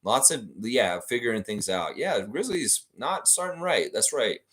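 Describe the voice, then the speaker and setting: Animated, ranting male livestream host. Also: mid-range voice, normal speed. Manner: animated, ranting, profane, talks straight to viewers. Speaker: fan channel host. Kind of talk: livestream chat reading viewer comments.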